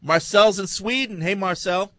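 A man's voice: sits high, normal speed, a bit bright, no room sound. A man hosting a sports talk radio show, upbeat and keeping the calls moving. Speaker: radio host taking calls.

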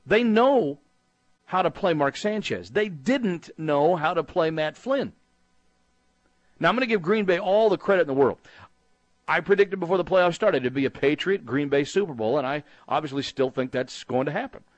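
A man's voice: a little high, lively intonation, moderate pace, no echo, muffled recording. A middle-aged man from Texas hosting a sports talk call-in show, speaking in a rambling, conversational way with frequent restarts and fillers. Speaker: sports radio host.

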